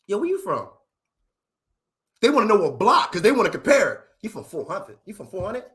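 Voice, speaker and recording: A man doing a gruff, nosy dad grilling a date. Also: high-pitched, wildly swooping pitch, normal speed, fairly bright tone, exaggerated voice. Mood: suspicious. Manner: blunt, suspicious, profane questioning. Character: nosy streetwise father grilling his daughter's date.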